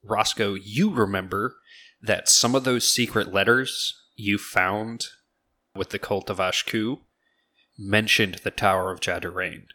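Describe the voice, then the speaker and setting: A man narrating as game master of a tabletop game in a steady, descriptive way. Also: fairly low pitch, unhurried.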